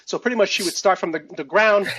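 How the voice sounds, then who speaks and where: A man's voice: high voice, fast talker, bright, forceful tone, slightly rough. A man hosting a podcast in casual chat, upbeat and laughing often as he quizzes his co-host.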